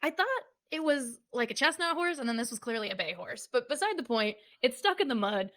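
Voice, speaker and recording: A woman's voice: a little high, animated, brisk, a bit bright, rough recording. A woman co-hosting a podcast, recapping a film's plot in casual chat and mimicking the characters. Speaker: podcast co-host.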